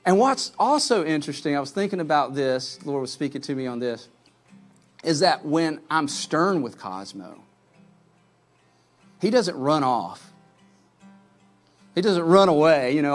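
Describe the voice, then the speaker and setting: A pastor giving a sermon, earnest, rising to loud calls and dropping to soft pleading at the altar call. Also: male voice, a little high, lively intonation, a little slow, long pauses, soft background music.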